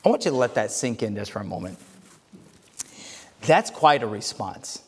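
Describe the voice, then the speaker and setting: A male pastor preaching a sermon, telling a joke story with lively swings from loud to quiet and frequent stammered restarts. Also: mid-range voice, normal speed, slightly rough. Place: church sanctuary. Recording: long reverb of a church hall.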